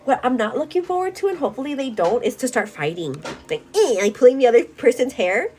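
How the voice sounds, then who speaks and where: A woman's voice: sits high, expressive, quick pace, mellow, poor audio. A woman from a Mexican-American family chatting casually while getting ready at home, bubbly and laughing often, dropping in Spanish words. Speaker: beauty vlogger. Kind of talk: casual chat.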